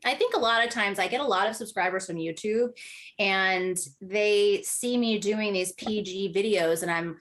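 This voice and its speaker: A woman's voice: medium pitch, normal speed, a bit bright. A woman guest on a podcast, chatting casually with a dry, sarcastic streak. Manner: sarcastic, easygoing. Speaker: guest, online content creator.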